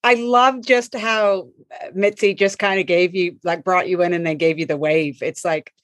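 A woman's voice: fairly low pitch, fairly even intonation, moderate pace, no echo. A woman hosting an interview, reacting with short encouraging comments and asking questions. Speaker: podcast host. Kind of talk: casual interview.

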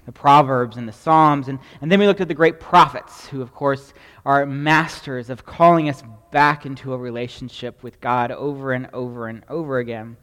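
A man's voice: medium pitch, normal speed, a bit bright, long reverb tail. A man preaching a sermon in a conversational way, often checking in with "right?" as he teaches. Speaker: pastor.

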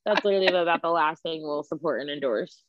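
A woman's voice: sits low, fast, dry recording. A young woman with a New Jersey accent, co-hosting a casual podcast and telling stories with lots of "like.". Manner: chatty, animated storytelling with lots of "like". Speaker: podcast co-host. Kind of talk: casual chat. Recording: dry, dull lo-fi sound.

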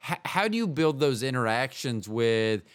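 A man's voice: mid-range voice, very animated, normal speed, no echo, clean studio sound. A man hosting a podcast, asking long, rambling, self-correcting questions with goofy jokes. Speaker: podcast host. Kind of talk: casual interview.

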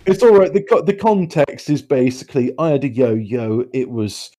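A man in casual chat, telling an animated story and swearing freely as a co-host. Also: mid-range voice, normal speed.

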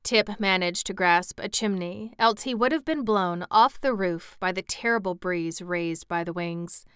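Bright, crisp woman reading a storybook. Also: lowish voice, unhurried, no room sound, studio quality. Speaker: narrator.

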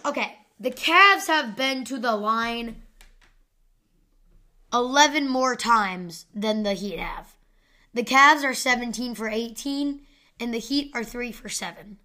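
A woman's voice: a little high, bright, forceful tone. A young woman hosting a podcast, rambling through live sports stats in a casual way, with lots of fillers as she thinks aloud. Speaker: podcast host.

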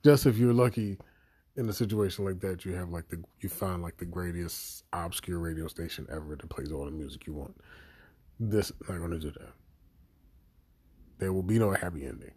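A man's voice: deep voice, normal speed, dark tone, breathy edge. A man giving an exasperated, profanity-laden video review of a series he thinks let him down. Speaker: show reviewer.

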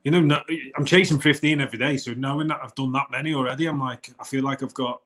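A man's voice: mid-range voice, fairly even intonation, fast talker, fairly bright tone. A man with a British accent co-hosting a morning wellness chat, talking earnestly and rambling with many restarts. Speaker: co-host of a morning wellness show. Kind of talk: casual morning show chat.

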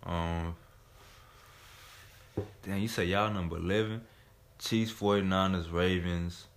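A man's voice: sits low, steady tone, slow. A man co-hosting a podcast, talking in loose, profane, slangy banter full of filler phrases. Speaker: podcast co-host. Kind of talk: casual chat.

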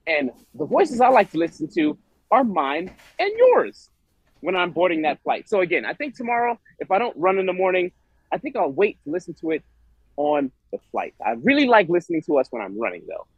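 A man co-hosting a podcast, talking in a rambling, animated way with frequent restarts. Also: high voice, a little fast, breathy edge, dry recording, lo-fi sound. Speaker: podcast co-host. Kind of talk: casual chat.

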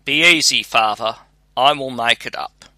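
A man voicing a clever, patient young scholar talking to his father in a read-aloud fairy tale, calm and reassuring. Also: mid-range voice, normal speed, no echo.

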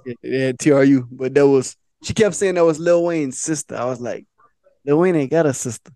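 A man's voice: medium pitch, brisk, mellow, no room sound. A man, co-hosting a podcast and telling a loose, slangy story with laughs. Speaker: podcast co-host. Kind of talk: casual storytelling chat.

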